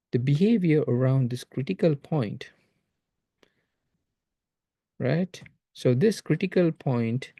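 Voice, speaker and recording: A man's voice: a little high, vocal fry, mellow, dry recording, clean studio sound. A man teaching a math lesson in a recorded video lecture, explaining patiently and repeating phrases to stress his points.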